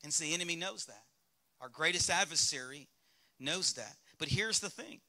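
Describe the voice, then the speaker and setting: Bright-voiced Southern pastor preaching. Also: male voice, on the high side, lively intonation, normal speed. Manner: candid, conversational preaching with rhetorical questions to the congregation. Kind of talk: sermon. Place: church sanctuary.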